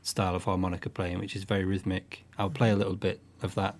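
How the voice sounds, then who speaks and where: Man, low voice, musician guest, halting and thoughtful. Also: flat delivery. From northwest England. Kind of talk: relaxed interview chat.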